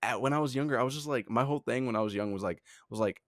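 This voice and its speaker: A young man co-hosting a podcast, talking in an animated, rambling way with lots of fillers and laughs. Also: mid-range voice, very fast, dry recording, studio quality. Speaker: podcast co-host, head of talent. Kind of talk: casual chat.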